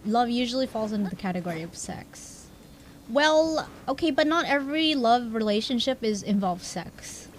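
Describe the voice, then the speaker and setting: A woman's voice: fairly high pitch, lively intonation, moderate pace, slight background noise. Rambling young woman streamer. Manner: rambling, self-deprecating, laughs often. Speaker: livestreamer. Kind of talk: casual stream chat.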